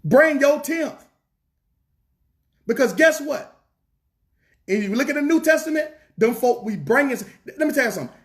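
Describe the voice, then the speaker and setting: A man's voice: very high voice, expressive, moderate pace, long pauses. A man preaching a fervent sermon in a church, repeating lines and asking the congregation rhetorical questions, with a Southern US accent.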